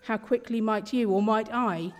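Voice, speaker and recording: A woman reading a rhyming Bible story in a slow, measured, expressive way. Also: a little high. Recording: long hall reverb.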